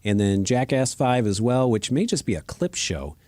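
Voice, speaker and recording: Lively man co-hosting radio. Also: mid-range voice, moderate pace, no echo. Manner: animated, joking. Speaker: radio show co-host and producer. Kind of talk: casual radio chat.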